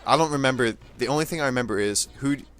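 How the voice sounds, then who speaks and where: A man's voice: mid-range voice, very fast, a bit bright. A young man casually telling a childhood story in a rambling way, full of fillers, restarts and short laughs. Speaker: gaming channel host.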